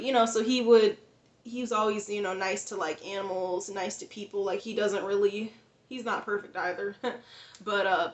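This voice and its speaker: A woman's voice: medium pitch, reverberant. A woman vlogger telling a personal story in a casual, rambling way, full of fillers, restarts and frequent laughs.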